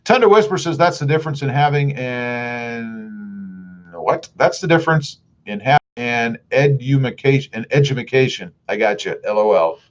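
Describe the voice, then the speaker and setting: A man's voice: medium pitch, expressive, moderate pace, muffled recording. A middle-aged man with a Southern US accent, chatting casually on a livestream and reading viewer comments aloud. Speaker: livestream host.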